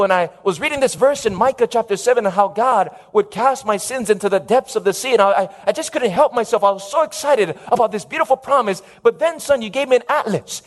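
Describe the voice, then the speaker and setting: A man voicing a zealous, respectful old father who gently explains himself to his son. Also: very high voice, fast talker, hardly any pauses, voice pushed up. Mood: eager. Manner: gentle, eager storytelling.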